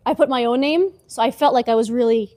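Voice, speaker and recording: High-voiced giggly woman livestreamer. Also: quick pace, a little mellow. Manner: giggly, chatty asides. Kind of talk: casual live reading of fan fiction.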